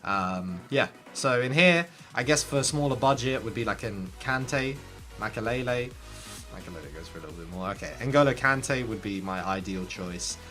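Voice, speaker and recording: A man talking casually to his viewers, giving gaming tips in an animated, direct way, often turning to speak straight at the audience. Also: fairly low pitch, moderate pace, faint music behind. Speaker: gaming content creator. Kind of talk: casual tips talk to camera.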